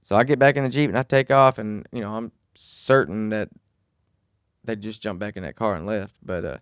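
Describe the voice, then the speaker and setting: A man tells a story as a podcast co-host, animated and full of casual swearing. His voice is smooth and clear. The sound is dry and close to the mic. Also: lowish voice, brisk, dry recording.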